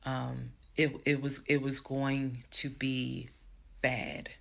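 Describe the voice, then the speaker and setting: Woman with a gravelly, creaky voice for a storytime vlog; casual, speaks straight to viewers, heated and emphatic. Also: extremely low pitch, flat delivery. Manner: emphatic, swings loud and fast when heated; addresses viewers as "y'all". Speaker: storyteller recounting her marriage.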